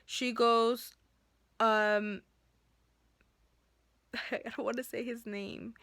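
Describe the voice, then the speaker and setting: A fired-up woman with a slightly high voice rants about a run-in at work, speaking to her viewers as if to a friend. The sound is dry and close, with no room echo. Her telling stays animated and unscripted. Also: drawn-out words. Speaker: school bus driver. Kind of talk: unscripted venting storytime to camera.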